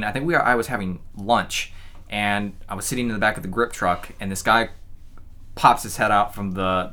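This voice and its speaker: A young man co-hosting a podcast, telling a story in casual chat and mimicking people in a higher voice. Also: sharp tone. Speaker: podcast co-host.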